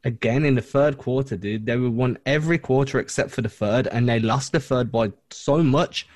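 A man's voice: medium pitch, moderate pace, darkish tone, no room sound. A man hosting a basketball podcast, talking bluntly and with frustration about a lost game in casual chat. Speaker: podcast host.

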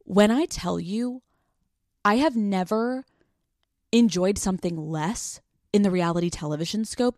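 A woman's voice: fairly low pitch, a little mellow, no echo, studio quality. Profane woman venting on a podcast. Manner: candid, profane, rambling venting. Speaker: podcast host. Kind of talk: casual solo podcast rant.

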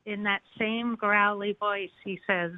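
A woman calling in to a radio show, telling a dream slowly and haltingly. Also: mid-range voice, steady tone, no room sound. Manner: slow, halting storytelling. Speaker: caller. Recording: tinny phone line.

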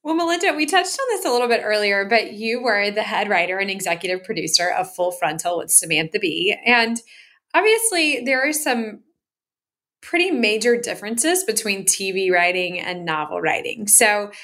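A woman's voice: medium pitch, expressive, normal speed, fairly bright tone. A woman co-hosting an interview who asks friendly, rambling questions full of fillers. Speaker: podcast co-host and novelist. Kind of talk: casual conversational interview.

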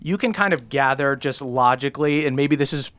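Relaxed man narrating a game. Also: medium pitch, brisk. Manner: relaxed descriptive narration with fillers. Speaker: game master.

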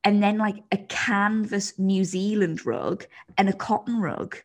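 A woman's voice: mid-range voice, steady tone, unhurried. A woman co-hosting a podcast, chatting casually and rambling with lots of fillers. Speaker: podcast co-host. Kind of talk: casual chat.

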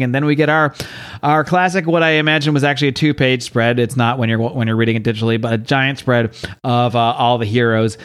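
A man's voice: medium pitch, fast talker. A man co-hosting a comics podcast, recapping a story in a rambling, laughing, swearing way. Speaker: podcast co-host.

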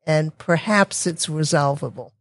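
A woman's voice: sits low, a little slow, no room sound. Chatty lady guest talking tech, lots of restarts, dry close mic. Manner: chatty, restarts often, sarcastic asides. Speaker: guest, technology consultant. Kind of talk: casual interview chat.

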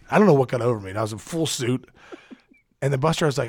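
A middle-aged man, a podcast guest, telling a rambling, excitable story in casual chat and acting out the quotes with big jumps in his voice. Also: mid-range voice, quick pace, dry recording, studio quality. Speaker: podcast guest, former baseball player.

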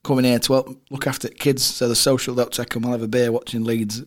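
A man's voice: mid-range voice, flat delivery, quick pace. A man co-hosting a football podcast, chatting casually with banter and jokes. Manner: joking, banter-filled. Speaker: podcast co-host.

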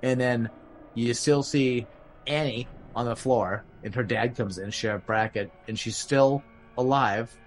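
A man's voice: mid-range voice, a little slow, poor audio. Rambling man recapping a horror film. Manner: rambling, many fillers, acts out quotes. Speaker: podcast host.

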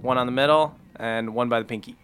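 Male game master, bright crisp voice, easygoing narration with lots of "uh"s. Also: medium pitch, fairly even intonation, fast talker. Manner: easygoing, laughs often, filler-heavy narration. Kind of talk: narrating a tabletop game recap.

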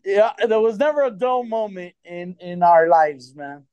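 A man's voice: high-pitched, animated, measured pace, a little mellow, clean tone, no room sound. A man in casual chat, telling loose stories with plenty of swearing and slang.

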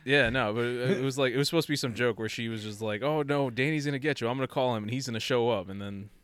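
A man's voice: mid-range voice, fast talker, smooth. A man in casual podcast chat, telling a long story with lots of acted-out quotes and laughter. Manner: animated, acts out quoted voices, laughs often.

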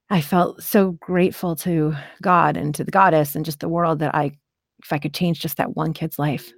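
A woman's voice: lowish voice, a little mellow, dry recording, studio quality. A woman speaker telling a personal story in an earnest, chatty way, full of "like" and "right?". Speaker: motivational speaker. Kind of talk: casual storytelling to camera.

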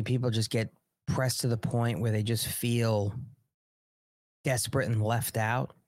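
A man's voice: lowish voice, no room sound. A man with a Long Island New York accent hosting a live political commentary show, talking bluntly and heatedly in a rambling way, with many restarts.

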